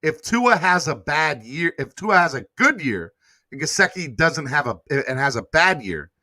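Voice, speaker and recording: A man's voice: fairly high pitch, moderate pace, no echo, studio quality. A man hosting a casual sports podcast livestream, talking in loose slang and urging viewers to hit like. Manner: animated, slangy, begs viewers for likes. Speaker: podcast host.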